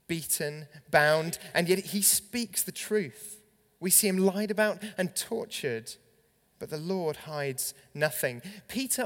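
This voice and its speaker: A man preaching a sermon in a fairly high voice, with a long reverb trailing his words. He reads scripture with dramatic emphasis, swelling and dropping as he goes. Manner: dramatic scripture reading with rising and falling emphasis.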